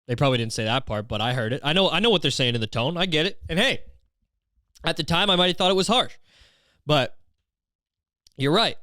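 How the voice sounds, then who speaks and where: A young man hosting a comedy podcast, ranting in a profane, animated, self-mocking way. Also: a little high, a little fast, pauses often, no room sound, studio quality. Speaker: podcast host.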